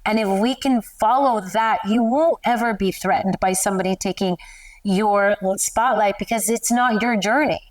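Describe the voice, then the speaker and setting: A middle-aged woman, a photographer guest, telling personal stories in an animated, emotional way and laughing often. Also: mid-range voice, moderate pace, far from the mic. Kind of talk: candid interview storytelling.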